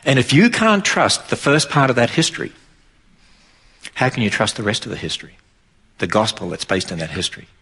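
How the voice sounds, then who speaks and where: A man's voice: medium pitch, huge pitch swings, fairly quick, pauses often, bright, forceful tone, slightly rough. A middle-aged man with an Australian accent preaching to an audience in an emphatic, driving way. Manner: emphatic, rises sharply for mocking quotes. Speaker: Christian speaker.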